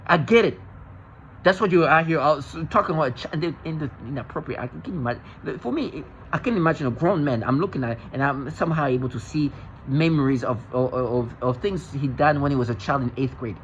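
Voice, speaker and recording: A man's voice: mid-range voice, quick pace, lo-fi sound, a little hiss or hum. A man vlogging in an agitated, intense monologue, often restarting and repeating himself. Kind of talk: rambling monologue to camera.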